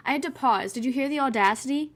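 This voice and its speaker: A woman's voice: high-pitched, fast talker. A woman in her twenties rambling casually through a painting vlog voice-over, chatty and wry, with sarcastic asides. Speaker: vlogger.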